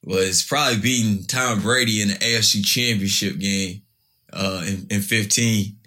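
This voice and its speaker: A man's voice: lowish voice, steady tone, moderate pace, sharp tone. Easygoing man telling stories. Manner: loose, storytelling, many restarts. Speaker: pro football player. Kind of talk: casual interview answers.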